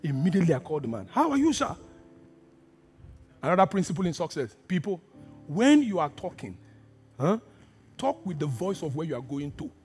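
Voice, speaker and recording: A man preaching a sermon, telling a personal story with acted-out dialogue and hushed asides. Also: a little high, sing-song, fairly quick, breathy edge, faint music behind. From Nigeria. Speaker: pastor.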